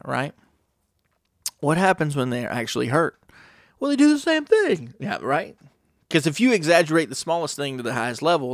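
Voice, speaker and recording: A man's voice: medium pitch, creaky, no room sound, clean studio sound. A man talking casually in a rambling, profane monologue, full of rhetorical questions.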